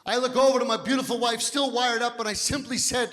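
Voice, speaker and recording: A man in his fifties performing a stand-up comedy set, telling stories loudly and physically and shouting his punchlines. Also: very high-pitched, fairly even intonation, quick pace. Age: 50s. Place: comedy club stage. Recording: live hall reverb with faint noise. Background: audience laughter.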